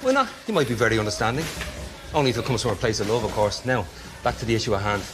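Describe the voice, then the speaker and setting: An actor playing a sardonic boxing coach. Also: male voice, medium pitch, animated, racing, noisy background, lightly acted. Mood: lecturing. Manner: dry, lecturing, erupts into shouting. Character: gruff middle-aged male boxing coach, sardonic. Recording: film audio with score underneath.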